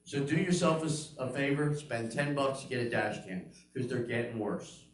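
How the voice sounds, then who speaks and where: An older man from Pennsylvania working through a stand-up set. He tells his stories in a middling voice and suddenly jumps high to act out the people in them. The sound is echoey and a bit distant, as if caught from across a room. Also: lively intonation, normal speed. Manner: storytelling, acting out quoted voices with big pitch jumps. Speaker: stand-up comedian. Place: live comedy room, audience laughing.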